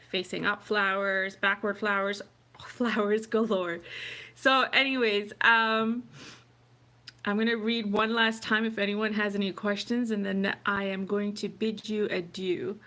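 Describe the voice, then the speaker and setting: Friendly female art teacher on a home livestream, bright tone, loose and chatty, answering the chat. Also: mid-range voice. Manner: chatty, reads viewer comments aloud with many fillers. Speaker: watercolour teacher hosting a live stream.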